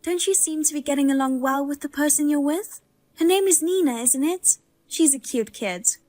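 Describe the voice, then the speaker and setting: A woman's voice: high voice, moderate pace, darkish tone, no echo, faint music behind, close to an everyday voice. A woman voicing a pregnant young wife who teases and taunts her cheating husband in a dubbed drama. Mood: teasing. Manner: teasing, taunting.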